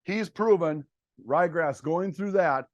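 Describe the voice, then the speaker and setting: A man's voice: fairly high pitch, takes it slowly, dry recording, dull audio. A middle-aged man giving a farm workshop presentation to farmers on cover crops, talking in a blunt, folksy and plainspoken way. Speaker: cover crop seed dealer presenting to farmers.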